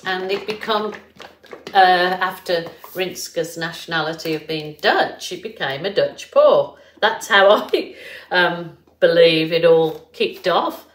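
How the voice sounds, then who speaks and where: A middle-aged woman with an English Birmingham accent hosts a relaxed painting tutorial, chatty and rambling with plenty of fillers. Her voice sits a little low and she takes her time over every thought. The room around her rings with echo, and a faint hiss sits underneath. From England. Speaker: art tutorial host.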